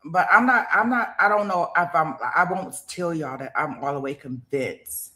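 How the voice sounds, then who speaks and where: A woman's voice: low voice, moderate pace, bright, forceful tone. A middle-aged woman hosting a casual livestream, chatting straight to her viewers and rambling with restarts. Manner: chatty, talks straight to viewers, thanks donors; rambling, with many restarts and fillers. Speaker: livestream host commenting on a trial.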